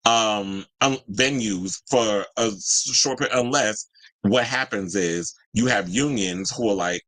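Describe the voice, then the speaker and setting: A man in his forties hosting a casual pop-culture chat, sassy and animated, swinging his pitch up into exclaimed asides. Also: moderate pace, no echo. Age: 40s. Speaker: podcast host.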